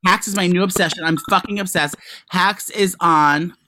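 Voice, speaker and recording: A man's voice: sits high, normal speed, slight background noise. Gossipy man on a casual podcast. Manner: gossipy, swears freely, animated retellings. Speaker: podcast co-host.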